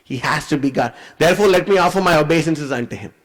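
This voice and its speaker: A proud, scheming prince with a higher-pitched voice, as a male preacher puts him on. He sounds excited and incredulous, as if his mind is blown. The tone is lively storytelling. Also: fast talker, close to an everyday voice. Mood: stunned.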